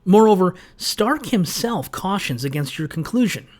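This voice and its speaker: A man's voice: high voice, animated, normal speed, a little mellow. A man delivering a scripted rebuttal commentary, sarcastic and lecturing, with a pointed, explanatory manner. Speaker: video essayist.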